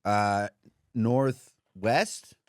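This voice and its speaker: A man's voice: fairly low pitch, very slow, clean tone, no echo, studio quality. A man co-hosting a podcast, chatting casually and dropping wry jokes. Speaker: podcast co-host. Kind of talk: casual chat. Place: podcast studio.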